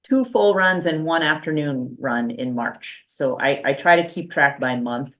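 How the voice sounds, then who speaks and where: A school superintendent gives an unscripted update to a board meeting, speaking at an ordinary, middling pitch. The delivery is loose and conversational, full of restarts and filler, with a dry, self-aware humor now and then. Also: lively intonation, a little slow, fairly bright tone.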